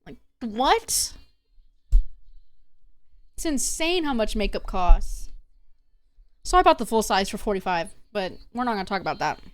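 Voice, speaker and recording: A woman's voice: mid-range voice, animated, unhurried, long pauses. Chatty young woman streamer, swears a lot. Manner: chatty, gossipy, swears freely. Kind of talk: casual live-stream chat.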